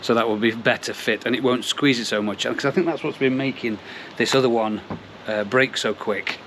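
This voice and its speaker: A man's voice: mid-range voice, fairly even intonation, normal speed, fairly bright tone, slight background noise. A middle-aged man hosting a casual pond vlog outdoors, rambling and digressing with self-deprecating jokes. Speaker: koi pond channel host.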